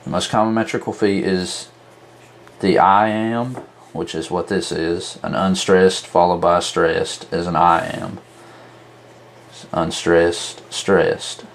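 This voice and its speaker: A man with a very low voice explains a lesson at an unhurried pace, walking methodically through each example and counting items off one by one. A faint hum sits behind him. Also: fairly even intonation, creaky. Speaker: teacher. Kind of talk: explaining at a whiteboard.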